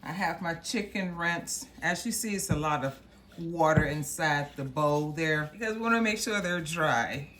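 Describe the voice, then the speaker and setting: Woman, low voice, homey cooking-show host, chatty and warm to the camera, faint kitchen noise. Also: moderate pace. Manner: homey, chatty, addresses viewers as y'all. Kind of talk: casual cooking demonstration. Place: home kitchen.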